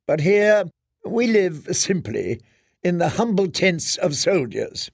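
A man voicing an oily, patronizing male slave nurse who coaxes in a slow, gravelly voice. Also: high voice, sing-song, dry recording, studio quality, voice pushed up, heavily acted. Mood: wheedling. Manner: slow, wheedling, coaxing.

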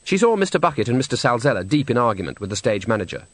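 A male audiobook narrator with a wry, expressive delivery. His pitch is middling but moves around a lot as he tells the story. The recording is dry and close. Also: rapid-fire, no echo. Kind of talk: scripted narration.

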